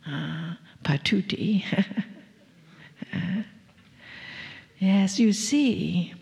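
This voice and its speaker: A woman channeling a group of gentle, teasing spirit beings who speak as "we", in a slow, half-whispered spiritual talk to a live audience. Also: mid-range voice, creaky. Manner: slow, drawn-out, half-whispered, playful chuckles. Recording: long reverb of a large hall.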